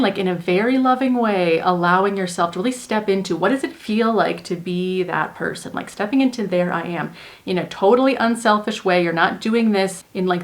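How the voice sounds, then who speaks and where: A woman hosting her own video, explaining her coaching ideas to viewers in a casual, earnest monologue full of "like.". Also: mid-range voice. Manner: earnest, chatty, many "like" fillers. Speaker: manifestation coach and video host. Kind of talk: casual teaching monologue to camera.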